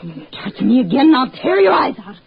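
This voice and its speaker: An actress playing a cruel, scheming wife in a 1940s radio horror drama, taunting and shrill. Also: female voice, sing-song, a little fast, creaky, exaggerated voice. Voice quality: taunting, shrill when frightened. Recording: muffled 1940s radio broadcast with faint hiss.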